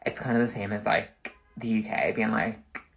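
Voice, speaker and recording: A man, rambling through a casual comedic monologue full of "like" and quick backtracking. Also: fairly low pitch, creaky, a bit bright. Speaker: content creator.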